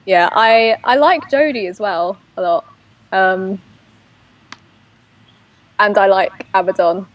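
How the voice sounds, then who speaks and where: A guest on a casual fan chat, speaking with a London accent in an even, mid-range voice. She answers hesitantly, pausing often and leaning on ums. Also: medium pitch, muffled recording. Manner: hesitant, soft-spoken, many ums.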